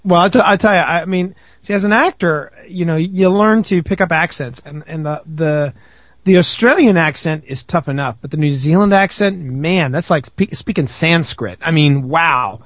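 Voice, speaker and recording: A man's voice: on the high side, moderate pace, no echo, highs cut off. A man guesting on a live online show, joking and rambling with many stammering restarts. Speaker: podcast guest. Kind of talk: casual banter on a live stream call.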